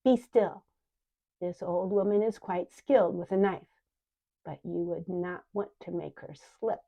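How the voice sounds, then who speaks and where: Haughty sing-song man, commanding, played by a woman, dark mellow tone, muffled lo-fi audio. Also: fairly low pitch, fairly even intonation, unhurried, creaky. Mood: condescending. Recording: dull lo-fi recording.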